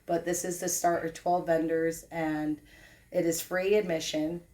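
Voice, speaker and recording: A woman's voice: sits low, level tone, measured pace, mellow. A woman guest describing an event she is organizing, friendly and informal. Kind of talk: casual interview chat.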